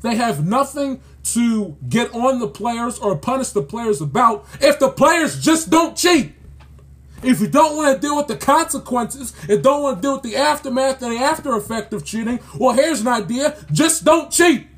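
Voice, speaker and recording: A man's voice: extremely high pitch, expressive, moderate pace. A man ranting in sports commentary, exasperated and scolding, repeating himself as he builds his point.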